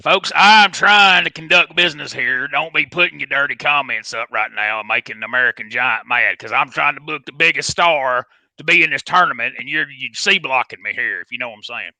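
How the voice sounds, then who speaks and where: A man's voice: medium pitch, fairly quick, pushed and bright, no room sound, poor audio. A man with a folksy, rambling, slangy way of talking, doing a comedic bit as a wrestling promoter. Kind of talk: comedic in-character call-in.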